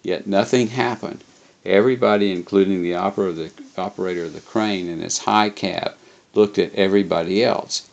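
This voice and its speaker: Casting: low-voiced man narrating a memoir, gravelly, stumbles now and then. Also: steady tone, lo-fi sound. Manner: unhurried, occasional slips and self-corrections. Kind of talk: reading a memoir aloud.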